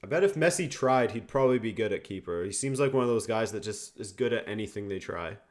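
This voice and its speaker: A man's voice: lowish voice, fast talker. A young man from Canada hosting a live watchalong, casually answering viewer questions and reacting to the game. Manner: relaxed, reads viewer questions, reacts to play. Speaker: watchalong host. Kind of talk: casual live-stream chat and match commentary.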